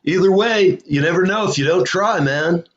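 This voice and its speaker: A man's voice: sits high, normal speed. A man hosting a casual live show, telling rambling stories with lots of fillers. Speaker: host. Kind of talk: casual storytelling chat. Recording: lo-fi dull sound.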